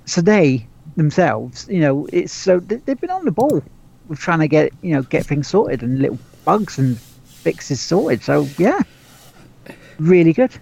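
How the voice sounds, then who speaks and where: A man's voice: a little high, very animated, a little slow, creaky, a little mellow, slightly rough. A man co-hosting a gaming podcast, chatting casually and rambling upbeat through restarts. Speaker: podcast co-host. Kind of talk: casual chat. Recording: muffled lo-fi mic.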